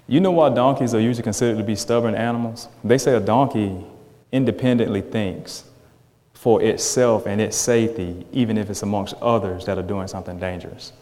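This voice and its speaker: A man's voice: on the low side, moderate pace, mellow. A man preaching a sermon, conversational and joking with the congregation. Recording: echoey hall.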